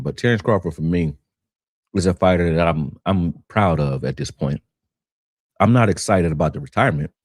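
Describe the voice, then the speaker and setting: Deep-voiced male boxing coach hosting. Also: darkish tone, no echo, clean studio sound. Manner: conversational, greets viewers, repeats words while gathering thoughts. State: slight throat irritation. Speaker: boxing coach and show host. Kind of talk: casual livestream commentary.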